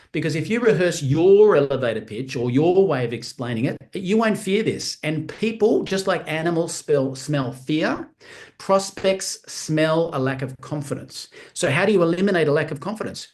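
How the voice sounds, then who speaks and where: A man giving a live-streamed training talk on making sales calls, energetic and lively, acting out phone conversations in different voices. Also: fairly high pitch. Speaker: network marketing trainer. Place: room on a live stream with screens.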